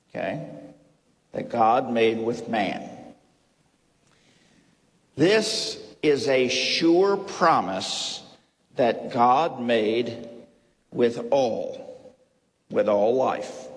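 A man preaches a Bible lesson at a very unhurried pace, laying out each point carefully and repeating key phrases. His voice carries a long reverberant tail, as if from a church hall. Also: mid-range voice. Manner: slow, deliberate, repeats key phrases, asks "okay?". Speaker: Bible teacher. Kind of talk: sermon.

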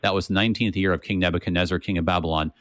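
A man's voice: deep voice, fairly even intonation, racing, a bit bright, no room sound. A man co-hosting a casual Bible discussion, thinking aloud with frequent restarts and checking in with "right?". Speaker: co-host of a Bible study podcast.

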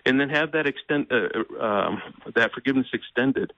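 A man's voice: mid-range voice, lively intonation, no echo. Earnest man, muffled dry studio. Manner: earnest, measured, with frequent fillers and restarts. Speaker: ministry president, guest. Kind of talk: conversational interview.

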